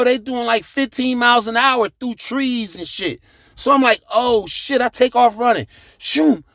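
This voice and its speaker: Animated, high-voiced male storyteller. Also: dry recording, clean studio sound. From United States. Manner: animated, with sound effects and shouted reenactments. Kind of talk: profane street storytelling.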